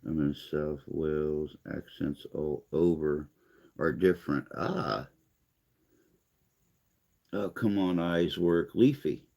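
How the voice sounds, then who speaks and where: A man's voice: very deep voice, fairly even intonation, slow, creaky, long pauses, darkish tone. An older man hosting a casual livestream chat, reading viewer comments aloud in a rambling, self-deprecating way.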